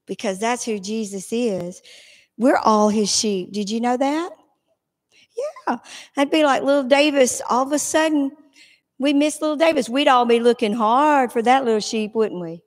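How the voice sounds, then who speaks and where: A woman giving a playful, animated children's message in a church. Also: a little high, normal speed. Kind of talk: children's sermon. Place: church sanctuary. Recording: reverberant church hall.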